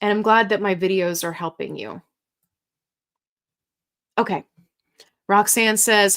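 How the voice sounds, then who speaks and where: A woman's voice: medium pitch, measured pace, long pauses, fairly bright tone. A woman hosting a casual live stream, chatting and reading viewer comments aloud in an upbeat, talkative way. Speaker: livestream host answering viewer questions.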